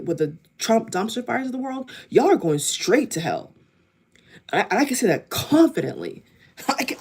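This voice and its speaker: Woman vlogger, fired-up commentary, repeats herself for emphasis, medium pitch. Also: a little mellow, slightly rough. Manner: emphatic, repetitive, addresses viewers directly. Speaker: political vlogger. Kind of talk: impassioned commentary to camera.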